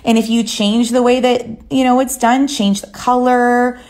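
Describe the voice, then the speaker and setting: A woman's voice: a little high, a little slow. Chatty woman teaching nail art. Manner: relaxed, chatty, step-by-step explaining. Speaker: nail artist.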